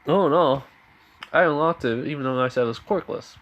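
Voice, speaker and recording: A man's voice: medium pitch, normal speed, a bit bright, muffled recording, pitched above the performer's own voice, lightly acted. A man voicing an easygoing teenage boy hero who talks in an offhand, conversational way, barely shifting from his own voice.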